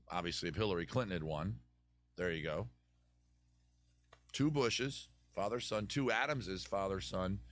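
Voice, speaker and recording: A man's voice: mid-range voice, a bit bright, no room sound. A man hosting a live advice stream, rambling through chat questions with jokey, digressive mock advice. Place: home room with a fire.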